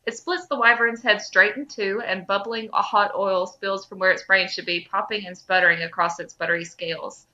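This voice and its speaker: A woman podcast host reading fan fiction aloud with lively expression. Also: medium pitch, normal speed, few pauses, lo-fi sound. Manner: lively, breaks into laughter.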